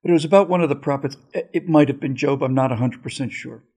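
A male host telling a story in casual chat, pausing and searching for words. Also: medium pitch, a little mellow, breathy edge.

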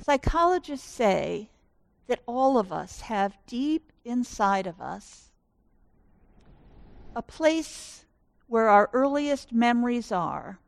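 A woman voicing a kindly, curious male doctor in a sermon story, explaining calmly and gently. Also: a little high, slow pace, gravelly, dry recording, full character voice. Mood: gentle.

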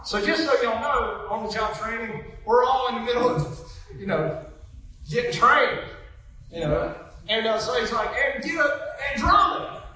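Bright-voiced woman preaching in an echoing hall. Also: on the high side, normal speed, pauses often, slight background noise. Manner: chatty, animated storytelling with laughs. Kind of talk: storytelling sermon. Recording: echoey church hall, mic from a distance.

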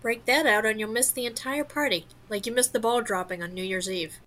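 A woman's voice: fairly high pitch, brisk, a bit bright, natural voice. A woman playing a sarcastic bartender. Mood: teasing. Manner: dry, cutting, sarcastic. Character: sardonic woman bartender, quick with insults.

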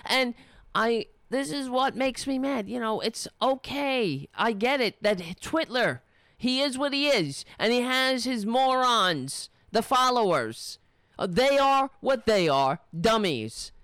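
A woman's voice, slightly high and swinging widely in pitch, tears into her subject with sarcasm and swearing. She takes her time, dragging out her indignant points, and the recording is close and dry with no room sound. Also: expressive, takes it slowly, fairly bright tone, no echo. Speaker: political commentator. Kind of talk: angry political rant.

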